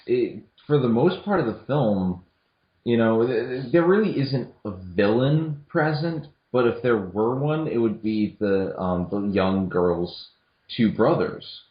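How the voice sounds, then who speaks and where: Young male co-host, lowish voice, hesitant casual delivery, echoey lo-fi room. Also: expressive, takes it slowly. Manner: hesitant, many restarts and fillers. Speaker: podcast co-host. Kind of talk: casual film discussion. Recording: echoey room, dull lo-fi audio.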